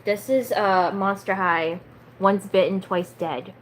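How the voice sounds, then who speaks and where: A woman's voice: medium pitch, steady tone, slow pace, slight background noise, rough recording. A twenty-year-old woman chatting casually on a live stream and reading a book aloud, full of fillers and stumbling over unfamiliar words.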